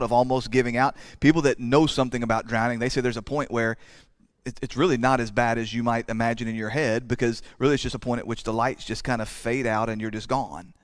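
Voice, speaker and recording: A pastor with a drawl preaches in an easy, conversational way, slowing down for dramatic pauses and now and then tripping over a word and starting again. His voice sits at an ordinary man's pitch. It is recorded close and dry, with no room echo. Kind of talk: sermon.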